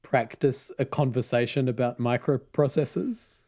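A man's voice: medium pitch, moderate pace, dark tone. A man casually retelling a story as podcast host, with frequent ums and laughs. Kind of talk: casual chat.

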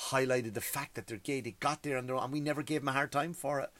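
A man's voice: mid-range voice, fairly even intonation, quick pace, fairly bright tone. A man, a stand-up comedian, delivering a profane, exasperated comedy rant. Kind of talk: ranting comedy monologue.

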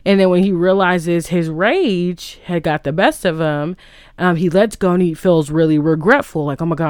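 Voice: mid-range voice, dry recording, clean studio sound. A vlogger casually retelling a film plot, rambling and full of "like" and restarts.

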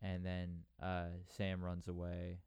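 A man's voice: deep voice, completely flat delivery, takes it slowly, creaky, a little mellow, clean tone, no room sound. A man casually recapping a movie on a podcast, rambling with dry asides and acting out bits of dialogue. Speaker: podcast co-host.

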